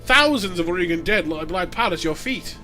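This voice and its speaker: A man's voice: fairly high pitch, a little fast, a bit bright, faint music behind, natural voice. A man reading a firm young noblewoman leader. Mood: stern resolve. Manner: earnest, firm and commanding.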